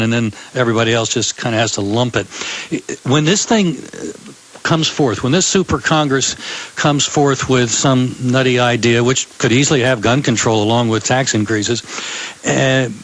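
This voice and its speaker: Measured older man, radio interview guest. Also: medium pitch, a bit bright, low-quality recording. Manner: measured, hesitant, many fillers. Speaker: guest, gun rights advocate.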